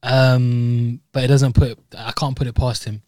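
A man's voice: mid-range voice, little pitch movement, normal speed, a little mellow, dry recording. A man with a British accent co-hosting a fight podcast in casual chat, full of fillers. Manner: chatty, lots of fillers and "you know what I mean". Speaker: podcast co-host.

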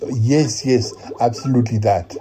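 A man's voice: medium pitch, measured pace, warm tone. A man hosting a comedy podcast in an improvised sketch, hesitant and full of ums. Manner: hesitant, many ums and uhs. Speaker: podcast host.

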